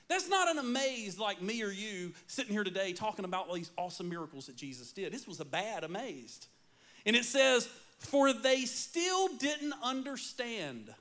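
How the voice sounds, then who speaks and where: High-voiced man preaching a lively sermon. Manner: storytelling, animated, playful asides. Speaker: pastor.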